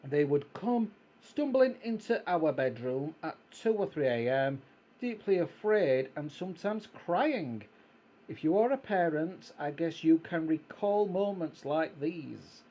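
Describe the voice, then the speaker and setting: A middle-aged man slowly and gently reading aloud from a Christian devotional, quoting scripture. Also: a little high, lively intonation, lo-fi sound. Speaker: reader of a devotional book.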